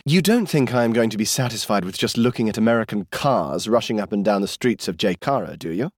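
A man's voice: lively intonation, a little fast, no room sound, clean studio sound. Man voicing scornful headstrong young woman. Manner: mocking, defiant, raised pitch. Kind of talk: audiobook character voice.

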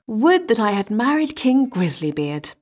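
Woman doing a spoiled princess, mocking then moaning, pitch jumps around. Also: big pitch swings, a little slow, darkish tone. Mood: lamenting.

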